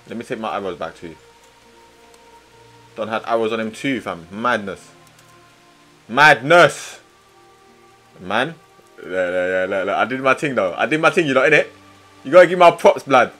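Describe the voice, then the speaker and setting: A young man giving excitable, slang-heavy let's-play commentary, swinging between muttering and loud outbursts. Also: fairly low pitch, normal speed, pauses often, soft background music. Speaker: gaming streamer.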